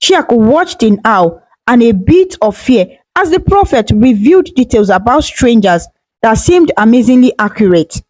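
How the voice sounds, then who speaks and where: A woman storyteller narrating a scripted folktale in a steady, dramatic way on a close microphone. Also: a little high, normal speed, dry recording, rough recording.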